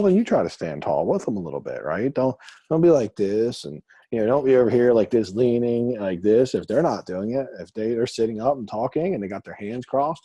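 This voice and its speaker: A man coaching a group call, chatty and quick, acting out short quotes as he explains. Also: fairly low pitch, dark tone, husky, dry recording. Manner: fast, chatty, acts out quotes.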